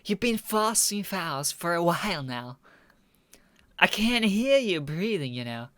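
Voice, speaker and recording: A man voicing a sharp, confrontational young woman basketball player who fires accusing questions. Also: high voice, very animated, measured pace, no room sound, full character voice. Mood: suspicious.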